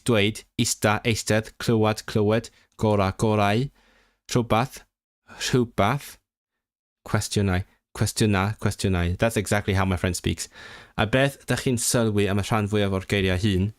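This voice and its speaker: A man learning a language, reading exam text aloud and thinking through answers, halting and correcting himself as he goes. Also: lowish voice, fairly even intonation, no room sound, studio quality. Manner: halting and self-correcting, sounding out words, bursts of surprised laughter. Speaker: language learner streaming his study.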